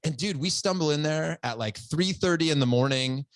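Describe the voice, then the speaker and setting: A man's voice: on the high side, moderate pace, dry recording. A middle-aged man hosting a podcast, telling stories with enthusiasm in a casual chat. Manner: enthusiastic storytelling, says "dude" a lot. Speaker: podcast host.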